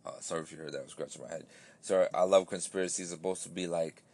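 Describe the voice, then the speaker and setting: A podcast host with a low, darkish voice rattles along rapidly and fairly evenly, rambling and restarting his sentences. He swears casually and yawns, worn out from an early start.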